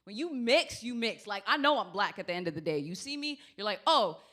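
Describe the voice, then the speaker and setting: A woman doing stand-up comedy, telling stories in a brash, profane, animated way. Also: medium pitch, brisk.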